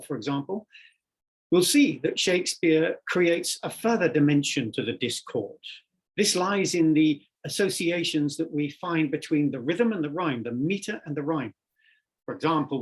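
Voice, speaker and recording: A man with a slightly raised pitch and a husky, breathy edge delivers a literature lecture. He speaks in a measured, explanatory way and lands hard on key words. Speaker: English teacher.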